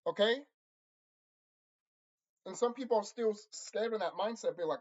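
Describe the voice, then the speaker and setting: Angry profane ranter, lo-fi recording. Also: normal speed. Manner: angry, profane, repeats himself, insults listeners; lively swings in pitch and loudness. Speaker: channel host. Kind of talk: ranting monologue to viewers. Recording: dull lo-fi recording.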